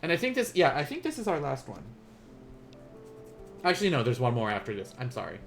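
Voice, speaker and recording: Playful, lively man teaching a stream lesson. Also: mid-range voice, fairly quick, creaky, faint music behind. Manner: playful, laughs often, chatty asides. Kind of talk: casual live-stream lesson.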